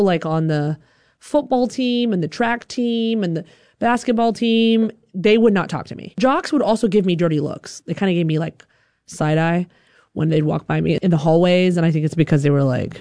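A woman's voice: on the low side, normal speed, dry recording, studio quality. Chatty woman telling a story. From Alabama, US. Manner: lively, chatty, fillers like "like". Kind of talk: personal storytelling.

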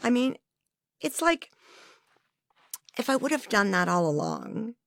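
Frank, lively-voiced woman guest. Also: fairly high pitch, a little slow, no room sound, clean studio sound. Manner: frank and self-reflective. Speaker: interview guest. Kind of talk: candid personal conversation.

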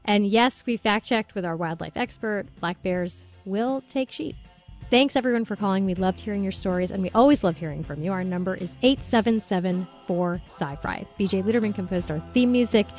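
A woman's voice: mid-range voice, brisk, darkish tone, soft background music. Woman hosting a radio show. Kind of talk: scripted radio narration.

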